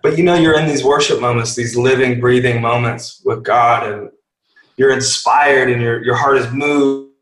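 A man in a worship band chats earnestly and loosely, full of fillers and restarts. His voice sits at an ordinary middle pitch. The room around him rings with a noticeable echo. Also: steady tone, moderate pace, fairly bright tone. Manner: earnest, rambling with many fillers. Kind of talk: casual podcast interview.

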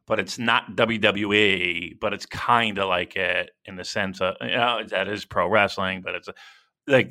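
Animated, profane man co-hosting a podcast. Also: mid-range voice. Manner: profane, rambling, animated storytelling. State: dealing with a sore shoulder. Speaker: podcast co-host. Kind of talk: casual wrestling podcast chat.

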